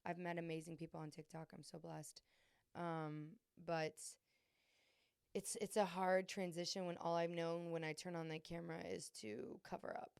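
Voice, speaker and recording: A woman's voice: lowish voice, flat delivery, normal speed, gravelly, smooth, no room sound, studio quality. A young adult woman hosting a podcast, talking candidly and earnestly about her struggles, with many fillers and restarts. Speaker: podcast host. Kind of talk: candid confessional chat.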